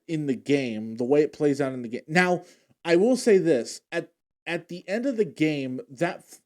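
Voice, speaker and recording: A man's voice: fairly high pitch, darkish tone. A man recapping TV episodes in a casual, emotional way, often restarting his sentences as he retells scenes. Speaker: show recap vlogger. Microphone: handheld or desk mic he adjusts.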